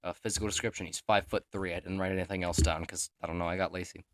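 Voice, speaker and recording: A young man reading his own character profiles aloud, rushing through them with joking asides and stumbles. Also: low-pitched, fairly even intonation, fairly bright tone, dry recording, studio quality. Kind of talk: casual reading of written notes.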